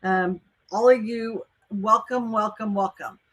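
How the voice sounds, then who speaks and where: A woman with a Texas accent hosts a live online workshop on college admissions, speaking slowly in a steady, mid-range voice. Chatty and upbeat, she greets viewers by name and walks through the plan in this live webinar talk.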